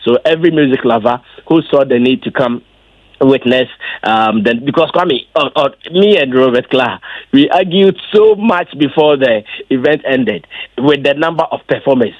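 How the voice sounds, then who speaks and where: A man, an event organizer answering interview questions as an emphatic storyteller whose voice leaps high when he gets excited. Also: moderate pace, no room sound. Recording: dull lo-fi dry sound.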